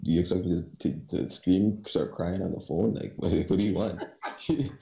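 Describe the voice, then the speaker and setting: A man telling work stories in a calm, unbothered, slangy way. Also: deep voice, moderate pace, gravelly, roomy sound, poor audio. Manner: laid-back, unbothered, slangy storytelling. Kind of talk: casual chat.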